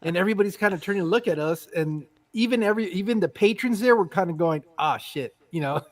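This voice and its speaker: A man in his fifties telling a story in casual chat. He is animated, acts out the voices of the people in it, and swears casually. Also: sits high, quick pace. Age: 50s.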